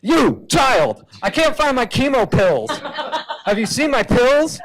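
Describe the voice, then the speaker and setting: A man's voice: sing-song, slow pace, fairly bright tone, full character voice, poor audio. A man voicing a frazzled, forgetful cancer patient who is confused and panicky. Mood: frantic. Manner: shrill, frantic and scattered.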